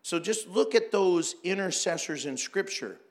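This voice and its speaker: A man preaching a sermon, animated and joking, acting out prayers as he teaches. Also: high-pitched, measured pace. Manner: animated, jokes and acts out prayers. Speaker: pastor.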